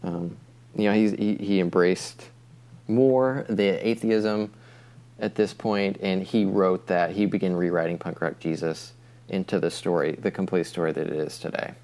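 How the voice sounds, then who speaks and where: A man with a notably low voice co-hosts a casual podcast discussion. He is agreeable and often chimes in to back up his partner. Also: fairly even intonation, normal speed, darkish tone. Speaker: podcast co-host.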